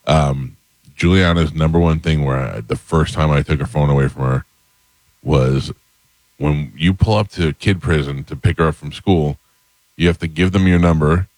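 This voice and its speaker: A man's voice: very deep voice, moderate pace, a little mellow, dry recording. A middle-aged man in casual chat who asks pointed follow-up questions in a dry way.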